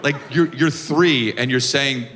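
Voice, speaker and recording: A man doing a stand-up comedy set, ranting loudly and swearing a lot. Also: medium pitch, unhurried. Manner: loud, animated ranting with swearing. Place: comedy club stage.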